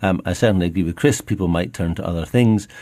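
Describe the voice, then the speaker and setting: Industry spokesman, very deep voice, dry close sound, steady and factual. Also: fast, dry recording. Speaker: industry association guest. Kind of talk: radio debate.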